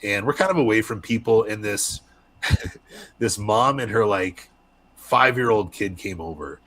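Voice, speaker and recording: A young man from Arizona, a wrestler, chatting candidly as a podcast guest and telling lively stories. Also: lowish voice, unhurried. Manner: candid storyteller, animated voices in anecdotes. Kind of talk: casual podcast interview.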